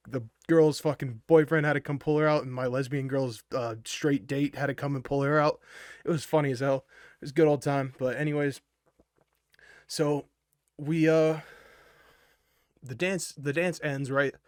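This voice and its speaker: A man's voice: fairly high pitch, darkish tone, no echo, clean studio sound. Rambling, profane young man telling a story. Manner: rambling and profane, with many fillers. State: wired on energy drinks. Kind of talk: casual personal storytelling.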